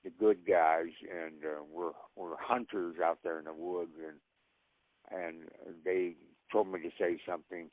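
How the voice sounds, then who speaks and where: A man's voice: low-pitched, fairly even intonation, a little slow, no echo. An older man, an actor, telling rambling anecdotes with frequent laughs. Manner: rambling storyteller who laughs often. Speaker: actor guest. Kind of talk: casual anecdotes. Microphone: phone. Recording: tinny phone line.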